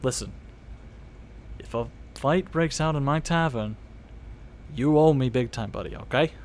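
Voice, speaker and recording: A man's voice: medium pitch, unhurried, darkish tone, slight background noise, lightly acted. A man doing a blunt, threatening bartender. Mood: confiding. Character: gruff wary male tavern bartender.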